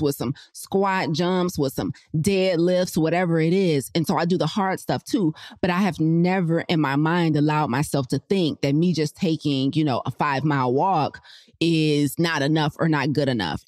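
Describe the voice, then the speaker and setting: A woman hosting a podcast, chatting casually about health and telling animated personal stories straight to her listeners. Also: sits low, normal speed, no echo, studio quality. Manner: chatty, animated storyteller who laughs often; addresses listeners directly in slangy speech. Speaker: podcast host.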